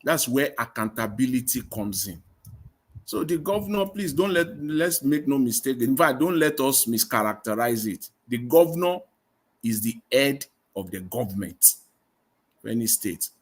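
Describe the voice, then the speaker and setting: Emphatic Nigerian male moderator, husky mid-pitched voice, drives his point. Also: animated, moderate pace. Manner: emphatic, repeats points, talks over callers. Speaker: host. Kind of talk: live political talk moderation.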